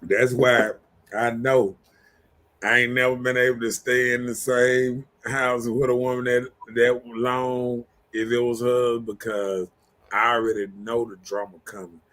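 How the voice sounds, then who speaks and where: Slow-talking host with a bright voice. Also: male voice, medium pitch, level tone. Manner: laid-back, joking, drawn-out talk. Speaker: show host. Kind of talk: casual live-stream chat.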